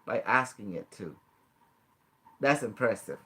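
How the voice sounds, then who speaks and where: Bright-voiced man coaching a guest. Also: on the low side, lively intonation, unhurried. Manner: instructive, coaxing, laughs often, non-native grammar. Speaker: host teaching a guest. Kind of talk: casual guided demonstration.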